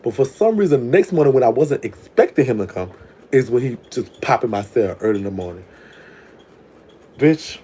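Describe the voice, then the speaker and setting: New guy spilling a story, cussing a lot, mellow soft tone, a bit of hiss. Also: medium pitch, animated, normal speed. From New Orleans. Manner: frank, profane, chatty, with laughs. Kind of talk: casual storytime monologue.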